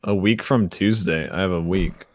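A man's voice: low-pitched, moderate pace, dry recording, clean studio sound. A young man guesting on a podcast, talking in a laid-back way. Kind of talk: casual podcast chat.

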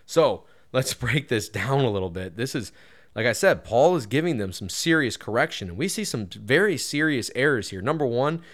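A man who preaches at a Baptist church gives a casual, earnest Bible lesson. He grows louder and higher when stressing a point. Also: animated, fairly quick. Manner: casual and earnest, with frequent "you know" fillers. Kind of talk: conversational Bible teaching.

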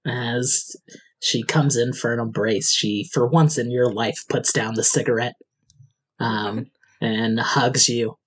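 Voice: medium pitch, steady tone, slow, slightly rough. A game master narrating a tabletop game in a loose, profane way, often laughing.

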